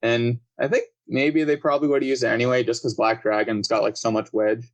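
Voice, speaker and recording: Brief: male guest, relaxed, casual, mid-pitch, lots of "like". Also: brisk. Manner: relaxed, fills with "like". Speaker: robot-combat builder, podcast regular. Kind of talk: casual chat.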